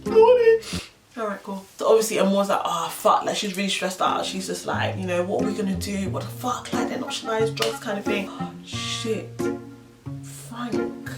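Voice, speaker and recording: A young woman, telling a story to camera and acting out the quotes with slang. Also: mid-range voice. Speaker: vlogger. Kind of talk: storytime vlog. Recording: roomy sound from a distance with music.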